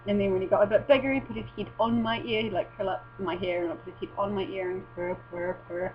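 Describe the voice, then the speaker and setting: A woman's voice: medium pitch, steady tone, fast, hardly any pauses. A woman chatting casually at home as a vlogger, rambling and swearing, often breaking off mid-sentence. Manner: rambling, sweary and self-interrupting. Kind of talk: casual chat. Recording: dull lo-fi recording with mains hum.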